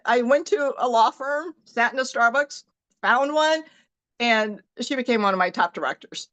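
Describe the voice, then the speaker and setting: A middle-aged woman giving an animated motivational team talk, acting out her own thoughts as she tells stories. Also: on the high side, moderate pace. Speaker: team leader in direct sales.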